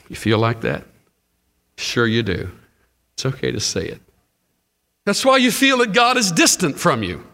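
A man preaching a sermon, dramatic, swinging between hushed asides and shouting. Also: mid-range voice, wildly swooping pitch, measured pace, gravelly, long pauses. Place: large church hall. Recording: long reverb of a large hall.

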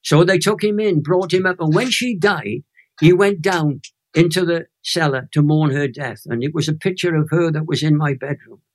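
A man's voice: a little high, normal speed. A Welsh man in his eighties, an evangelist emphatically telling a personal faith story in a chat interview. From Wales. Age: 80s. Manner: animated storyteller, emphatic and emotional. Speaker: guest evangelist.

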